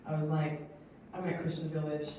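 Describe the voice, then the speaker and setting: Woman in her fifties, heartfelt testimony, halting restarts, distant mic, roomy echo. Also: low-pitched, flat delivery, warm tone. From England. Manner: earnest, emotional, laughs often, halting restarts. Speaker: guest speaker, counselor. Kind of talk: personal testimony talk. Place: community hall. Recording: echoey hall, distant mic, faint noise.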